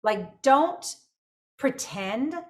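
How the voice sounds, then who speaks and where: A woman's voice: fairly high pitch, lively intonation, extremely slow. Upbeat, emphatic woman guest. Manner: upbeat, emphatic, speaks with conviction. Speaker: school superintendent, guest. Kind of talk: casual conversational interview.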